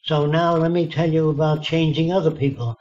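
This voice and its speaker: His voice is fairly high and a little mellow, with fairly even intonation and a brisk delivery. In an interview, the man tells blunt, folksy stories conversationally, mimicking what people said to him, on a dull lo-fi recording.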